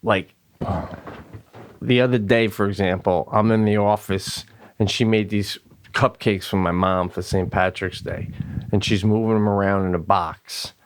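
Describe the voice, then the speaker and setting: A middle-aged man co-hosting a comedy podcast, talking expressively and laughing often in a casual chat. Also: measured pace. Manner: expressive, rises high when worked up, laughs often.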